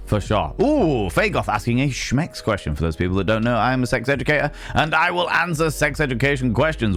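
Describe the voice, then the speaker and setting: A man chatting casually with his viewers on a live stream, greeting them by name and rambling playfully between topics. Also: mid-range voice.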